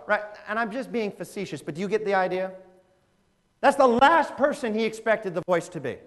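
Lively, high-voiced preacher in a hall. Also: male voice, moderate pace. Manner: animated, conversational, laughs and asks the audience questions. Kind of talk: sermon. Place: church. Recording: echoey hall reverb.

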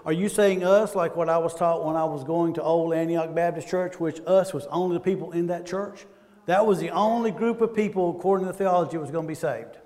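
A man with a Southern American accent preaches in a casual, questioning way, pulling the congregation in as he goes. His voice sits high for a man. It carries with a long reverb through a church hall. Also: fairly quick, a little mellow. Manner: conversational, asks the congregation questions. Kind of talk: sermon.

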